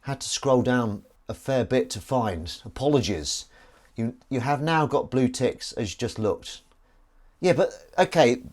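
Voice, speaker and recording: A man's voice: mid-range voice, darkish tone. A man hosting a live stream, chatting playfully and rambling with silly asides while washing up. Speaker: streamer host.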